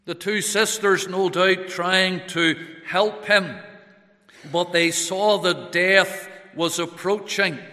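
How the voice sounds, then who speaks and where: A male preacher with a high, bright voice delivers a slow, measured sermon. His words ring out with a long reverb in a church hall. He reads scripture aloud in old English between his reflections. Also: steady tone.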